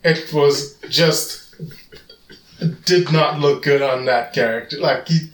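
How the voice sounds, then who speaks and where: A man co-hosting a podcast, giving quick, animated, rambling opinions in casual chat. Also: on the high side, slight background noise. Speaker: podcast co-host. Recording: roomy sound, mic at a distance.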